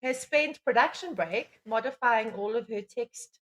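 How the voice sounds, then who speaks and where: High-voiced, laughing woman podcast co-host. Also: measured pace, low-quality recording. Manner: animated, laughing storyteller. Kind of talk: casual chat.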